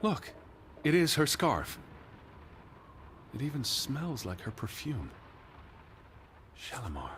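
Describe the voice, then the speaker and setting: A man's voice: medium pitch, wildly swooping pitch, slow, pauses often, fairly bright tone, slight background noise, heavily acted. An actor playing an earnest, anxious man hunting for his missing sister, fretful and short of breath when weak, in a video game. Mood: insistent.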